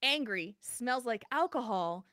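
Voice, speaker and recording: A woman co-hosting a podcast, telling a personal story in a casual, animated way with many restarts. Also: on the high side, measured pace, dry recording, clean studio sound. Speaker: podcast co-host.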